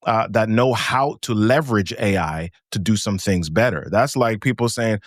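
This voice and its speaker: A man talking as a guest on a business podcast, animated and laughing often as he tells stories. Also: on the low side, measured pace, no echo, studio quality. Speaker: guest speaker. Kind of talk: casual podcast chat.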